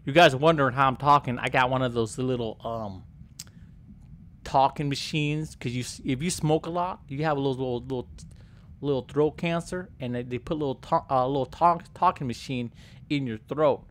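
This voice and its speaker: A man's voice: medium pitch, fairly quick, fairly bright tone, natural voice. A man doing a rambling dim-witted redneck. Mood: boastful. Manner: rambling, stumbling, boastful, yelps in pain. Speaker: gaming YouTuber. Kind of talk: improvised comic character commentary over gameplay.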